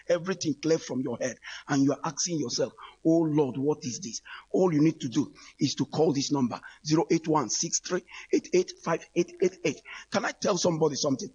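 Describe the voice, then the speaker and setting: A man preaches over the radio. His voice sits a little high and is husky, and he speaks in fervent, repetitive appeals aimed straight at the listener. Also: a little mellow, dull audio.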